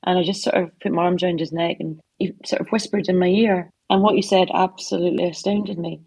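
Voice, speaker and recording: A woman's voice: lowish voice, fairly even intonation, a little fast, gravelly, breathy edge, no room sound. A middle-aged woman telling heartfelt stories as an author in an interview, speaking from her home office. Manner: heartfelt storytelling with soft asides. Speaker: author guest. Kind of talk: conversational interview answers.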